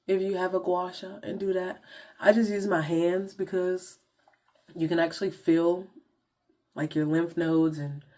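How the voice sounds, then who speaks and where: A woman's voice: on the low side, a little mellow. A young woman vlogger chatting casually to viewers in slangy talk while walking through her skincare routine. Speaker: beauty vlogger.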